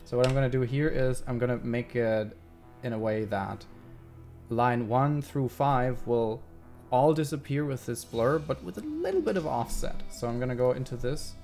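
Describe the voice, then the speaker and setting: Brief: male live streamer, casual, thinks aloud with plenty of fillers, middle pitch. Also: lively intonation, normal speed, a little mellow, soft background music. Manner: thinks aloud while working, rambling with many fillers. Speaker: video essayist live-streaming his editing.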